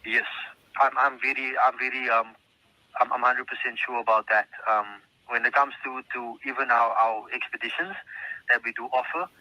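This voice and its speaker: A South African man speaks in a bright, sharp, rather flat voice. He explains expeditions as a travel agent, pausing with frequent ums and restarts. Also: mid-range voice, no room sound, low-quality recording. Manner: hesitant, many ums, explanatory.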